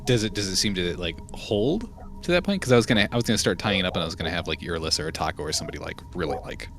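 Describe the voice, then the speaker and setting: A man's voice: sits low, expressive, racing, over music. A man playing a tabletop game, talking casually and thinking aloud with hesitations. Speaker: player.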